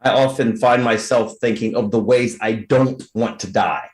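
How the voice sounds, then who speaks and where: A man's voice: on the low side, steady tone, moderate pace. A man co-hosting a talk show, talking casually and rambling with frequent restarts. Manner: rambling, self-interrupting.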